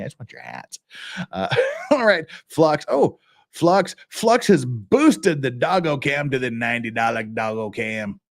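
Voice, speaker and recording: Animated, rambling male livestream host. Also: a little high. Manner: rambling, dismissive, self-mocking asides. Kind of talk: casual livestream commentary.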